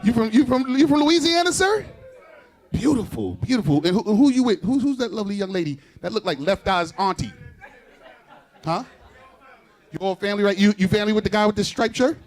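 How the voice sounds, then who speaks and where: A man's voice: high voice, expressive, fairly quick, darkish tone. A man doing crowd-work stand-up with a New York accent, teasing audience members and laughing between jokes. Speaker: stand-up comedian. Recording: live crowd in the room. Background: audience laughter and claps.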